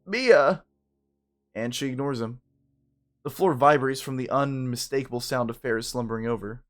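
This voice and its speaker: Game narrator, first person, casual asides, even reading. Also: mid-range voice, a little fast.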